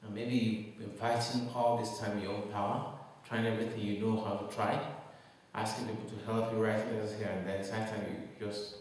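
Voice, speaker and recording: A pastor preaching in a low voice, building his points with emphatic rhetorical questions. He is heard from some distance off the mic, and his voice rings around a large, echoing church hall with a long reverb tail. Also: flat delivery, brisk, a little mellow. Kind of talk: sermon.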